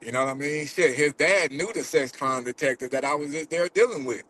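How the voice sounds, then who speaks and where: A man's voice: a little high, brisk, fairly bright tone, slight background noise, poor audio. Man fighting back tears while talking. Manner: loose and profane, many fillers. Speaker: vlogger who catches predators. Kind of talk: casual vlog talk to viewers. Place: in a car while driving.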